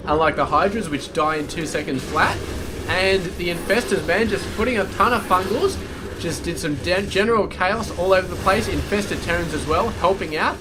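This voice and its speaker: A man's voice: high voice, background noise. A man casting a strategy game match solo, in a casual, chatty way with rambling asides. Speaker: game caster. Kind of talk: solo esports commentary.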